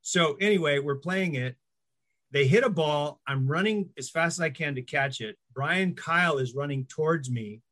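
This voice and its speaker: Speaking at a normal speed in a voice on the high side, this middle-aged guest shares stories in a relaxed interview. He brings them to life by performing the voices of whoever he's quoting.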